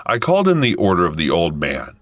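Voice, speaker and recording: A man in his thirties narrating a first-person story in a casual, animated way. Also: low-pitched, fast, no echo. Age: 30s.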